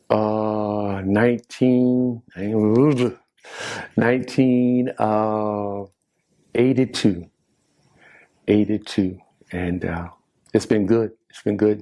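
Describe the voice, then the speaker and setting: An older man, a longtime sports coach, answering interview questions haltingly with many pauses and repeated phrases. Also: lowish voice, mellow.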